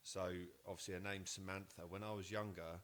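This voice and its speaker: A man, co-hosting a casual podcast chat and telling family stories with animated laughter. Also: low-pitched, fairly quick. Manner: animated storyteller, acts out voices with laughter. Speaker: podcast co-host.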